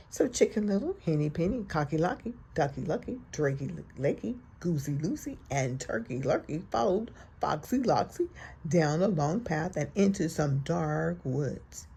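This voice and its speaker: A woman hosting storytime, reading a children's picture book aloud in an expressive, gentle and encouraging way. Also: deep voice, a little slow, breathy edge. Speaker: storyteller host.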